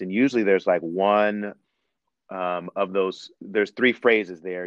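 Deep-voiced man talking on a muffled line. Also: steady tone, dry recording. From Ohio. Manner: reflective, unhurried, many fillers. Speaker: guest preacher. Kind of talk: phone-in devotional talk.

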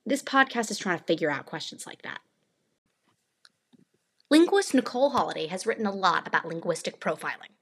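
A woman's voice: on the low side, expressive, brisk, long pauses, fairly bright tone, slightly rough. A woman from Northern California hosting a podcast, giving an earnest, explanatory scripted narration. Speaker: podcast host.

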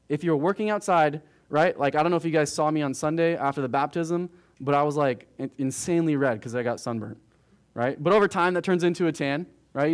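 A man teaching verse by verse through a book of the Bible to his congregation, talking casually and checking in with frequent asides to the room. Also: fairly high pitch. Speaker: pastor. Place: church.

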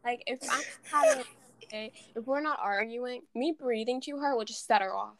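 A woman chatting casually with family, telling animated stories and mimicking the people she quotes. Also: a little high, moderate pace, creaky. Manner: animated storytelling, quotes others in mimicking voices. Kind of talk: casual chat.

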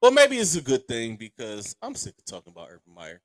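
A man hosting a podcast with a sore throat, ranting casually and profanely about sports, heating up to shouts. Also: mid-range voice, huge pitch swings, a little fast, no room sound. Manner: profane, heated, rising to shouts. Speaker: podcast host.

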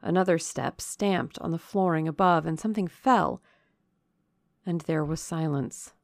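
Brief: woman narrator, slow and measured, gravelly low voice, dry recording. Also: no echo. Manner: measured, dramatic reading. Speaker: audiobook narrator. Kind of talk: scripted narration of a classic novel.

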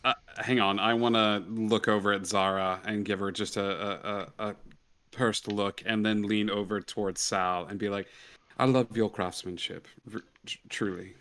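A man taking part in a tabletop game over a call, his voice bright and forward. He speaks his character's lines in a polite, mannered, slightly formal way. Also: fairly low pitch, little pitch movement, normal speed. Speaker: player.

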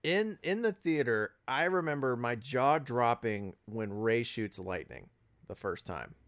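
A man's voice: medium pitch, expressive, measured pace, a bit bright. A man in casual conversation about a film, analytical, often restarting his sentences and quoting scenes. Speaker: podcast co-host.

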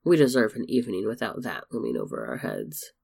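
A man voicing a gentle young mother who speaks softly. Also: lowish voice, wildly swooping pitch, brisk, gravelly, heavily acted. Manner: soft-spoken.

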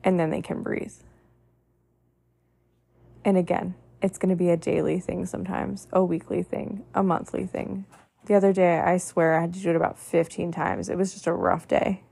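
A woman speaking as a podcast host in an earnest, heartfelt monologue. Her voice sits fairly low and often drops into a gravelly fry. She strings long lists together and often says "like". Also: steady tone, normal speed, dark tone. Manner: earnest, repetitive lists, frequent "like" fillers.

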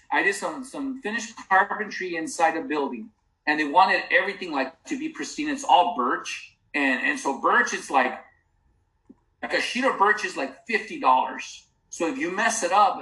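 A man's voice: fairly high pitch, pushed and bright, roomy sound, low-quality recording. A middle-aged man in casual podcast chat, telling a long rambling story with frequent restarts and laughs. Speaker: podcast co-host.

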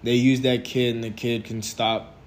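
A man's voice: mid-range voice, flat delivery, normal speed, slight background noise. A man hosting a podcast in casual chat. He hesitates and searches for his words. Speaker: podcast host.

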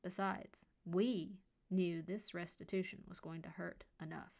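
A man's voice: high-pitched, steady tone, a little slow, creaky, a little mellow, full character voice. A woman voicing a smug male police officer who reads out fines in a glib, mockingly polite way.

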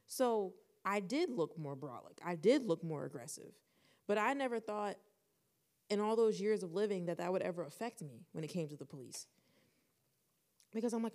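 A young woman with a slightly low voice tells a personal story on a casual podcast. She talks in an easy way and acts out quoted lines with lively changes in tone. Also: moderate pace. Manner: animated, acts out quoted dialogue. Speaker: podcast co-host.

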